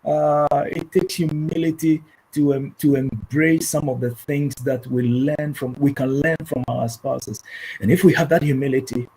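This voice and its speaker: Middle-aged pastor guy from ghana, gravelly husky voice, earnest preachy chat. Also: fairly high pitch, measured pace, poor audio. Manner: earnest, preacherly, animated when quoting others. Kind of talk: conversational talk show.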